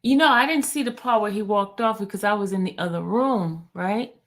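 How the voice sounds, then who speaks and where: A woman chats through her reactions to trial footage, animated and talkative. Her voice sits at a middle pitch. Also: brisk. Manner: chatty, animated, reacting aloud. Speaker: commentator on court trials. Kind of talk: casual reaction commentary.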